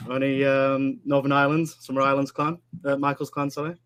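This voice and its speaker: A man's voice: medium pitch, flat delivery, fairly quick, a bit bright, a little hiss or hum. A man with a Yorkshire accent co-hosting a live webinar, chatting casually and joking with viewers, calling everyone "mate". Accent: Yorkshire English. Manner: chatty, jokey, says "mate" a lot. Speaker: webinar co-host. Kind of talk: casual live-stream chat.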